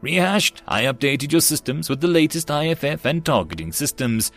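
A man voicing a small, eager AI war program with a high little voice and a cheery, talkative manner. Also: lively intonation, normal speed, a bit bright. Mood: chirpy.

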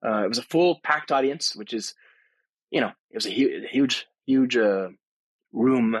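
Male podcast host, mid-pitched, very dry close sound, excitable and rambling, heavy on "you know" and "um.". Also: unhurried, no echo. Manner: enthusiastic, rambling with frequent fillers and restarts. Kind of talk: casual spoken monologue. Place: on location at a tech conference abroad.

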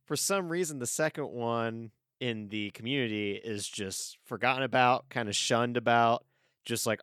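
A man's voice: mid-range voice, moderate pace, a bit bright, clean tone, dry recording, studio quality. A man co-hosting a casual movie podcast, rambling with many fillers. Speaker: podcast co-host. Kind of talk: casual movie review chat.

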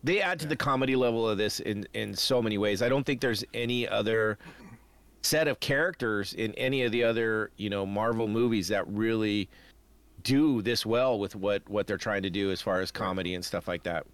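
A man's voice: on the low side, moderate pace, no room sound. A man co-hosting a casual movie podcast, talking with rambling enthusiasm and frequent restarts. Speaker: podcast co-host.

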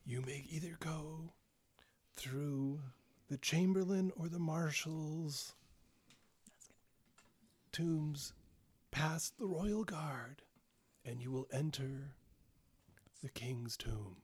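A man's voice: fairly high pitch, very slow, long pauses, darkish tone, breathy edge, full character voice. A man voicing the ghost of an ancient embalmed chamberlain in a ghastly whisper, as whispered role-play. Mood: ghostly solemn.

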